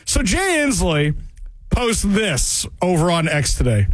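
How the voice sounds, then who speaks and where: A man hosting political talk radio, sarcastic and animated, repeating phrases for emphasis. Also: high-pitched, measured pace, no echo.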